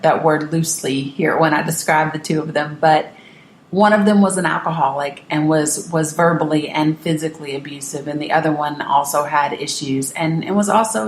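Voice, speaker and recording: A woman's voice: sits low, roomy sound, a little hiss or hum. A woman from Northeast Tennessee telling a personal family story to camera, candid and emphatic, often restarting her sentences. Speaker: vlogger.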